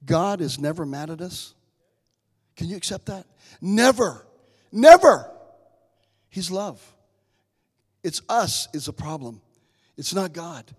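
A preacher with a high voice delivers an impassioned sermon to his congregation. He drops to a hush, then builds back to loud cries. His voice rings out with the long reverb of a church hall. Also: measured pace, long pauses, husky. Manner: impassioned, swells from soft to loud; addresses the congregation directly.

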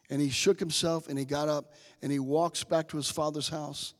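Impassioned high-voiced preacher. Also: male voice, steady tone, moderate pace, in a large hall. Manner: impassioned, swells from soft to loud; addresses the congregation directly. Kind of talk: sermon.

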